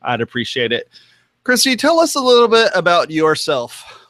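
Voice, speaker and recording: A man's voice: high voice, wildly swooping pitch, moderate pace, a bit bright, no echo. A man hosting a talk show in a casual, upbeat, chatty way. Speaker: host.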